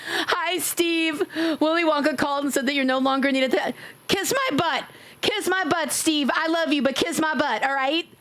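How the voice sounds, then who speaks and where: A woman streaming a game live, talking loudly and playfully to her chat, teasing and swearing. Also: sits high, normal speed.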